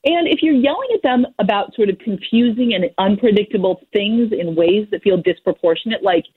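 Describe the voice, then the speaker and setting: Woman, parenting expert, blunt and husky, phone-quality sound. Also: mid-range voice, a little fast, no room sound. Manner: frank, plainspoken, mild swearing. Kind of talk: casual advice talk. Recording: muffled phone-like line.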